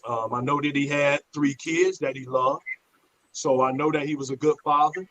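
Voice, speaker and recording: Blunt, profane man with a high voice. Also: normal speed, slight background noise, rough recording. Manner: blunt, profane, animated storyteller. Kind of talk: casual storytelling chat.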